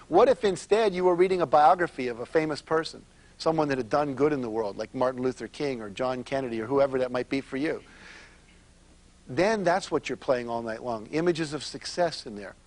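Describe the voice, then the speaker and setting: A man with a fairly high-pitched voice giving a motivational seminar. He tells stories with animated energy. He speaks straight to the people in front of him and often asks them questions. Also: dry recording. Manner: animated storytelling, addressing the audience directly.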